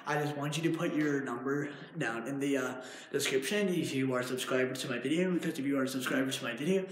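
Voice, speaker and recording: A young man talks his way through a casual vlog, filming himself in an empty house. He rambles, restarts often and leans on fillers. His pitch sits at an everyday middle level. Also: fast. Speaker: vlogger. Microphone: handheld device.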